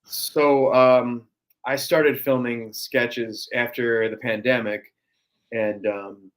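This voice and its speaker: A man, chatting on a podcast as a guest. His pitch sits in an ordinary middle range. He talks loosely and tells stories with plenty of ums and uhs. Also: low-quality recording. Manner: chatty storyteller, many fillers. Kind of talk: casual podcast conversation.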